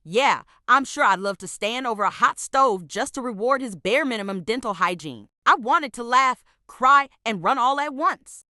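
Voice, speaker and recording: A woman with a bright, forceful voice pitched a little high tells a scripted storytime, her tone exasperated and full of sarcasm. The sound is dry and close, with no room around it. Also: animated, normal speed, few pauses, no echo. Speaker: storytime narrator.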